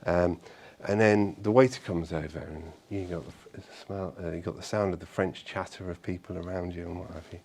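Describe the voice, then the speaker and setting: A man's voice: deep voice, a little fast, hardly any pauses. Chatty man giving a live talk. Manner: chatty, animated storyteller with tag questions and fillers. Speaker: conference speaker. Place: meetup event room.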